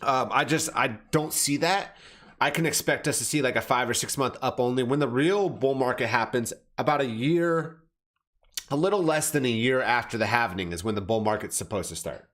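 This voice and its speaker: A man's voice: mid-range voice, fairly quick, fairly bright tone. Brash man talking crypto charts. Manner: blunt and brash, swears, calls viewers fam; self-correcting, restarts phrases. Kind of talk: casual market commentary over charts.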